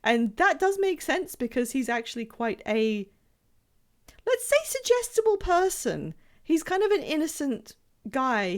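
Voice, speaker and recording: Streamer, woman, somewhat high voice, rambling and self-deprecating gameplay chatter. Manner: rambling, self-deprecating, trails off mid-thought. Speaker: game streamer. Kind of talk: casual live gameplay commentary.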